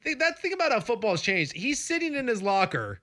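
A man's voice: very high voice, big pitch swings, fairly quick, bright, forceful tone. A man co-hosting a casual sports chat, tossing out playful, jokey hot takes. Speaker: podcast co-host.

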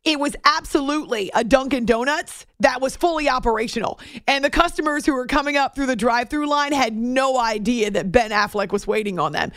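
A woman's voice: high voice, fairly quick, hardly any pauses, a bit bright, dry recording, clean studio sound. A woman hosting a morning radio show, chatting casually and self-deprecatingly, laughing often.

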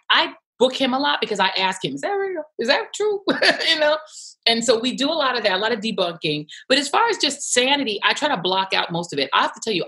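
A woman journalist chatting in a casual interview, animated and emphatic, laughing often. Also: medium pitch. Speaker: TV news journalist and guest.

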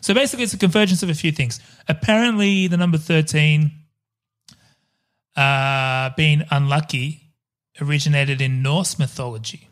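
A man's voice: fairly high pitch, normal speed, a bit bright. Jokey man rambling in casual chat. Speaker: podcast co-host.

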